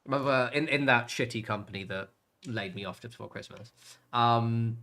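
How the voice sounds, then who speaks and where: A man's voice: medium pitch, steady tone, moderate pace, sharp tone. A young English man streaming a game, chatting casually in a rambling way with lots of fillers and the odd swear word. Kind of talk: casual chat while gaming.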